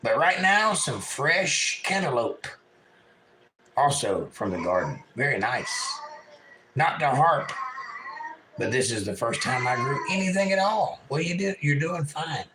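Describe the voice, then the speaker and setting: Southern guy from eastern NC reading chat on a home stream, bright lively voice, faint hiss behind. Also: medium pitch, measured pace, pauses often, poor audio. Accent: Southern US, North Carolina. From Eastern North Carolina. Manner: folksy, reads chat messages aloud, drawling. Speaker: livestream host reading chat. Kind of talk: casual livestream chat.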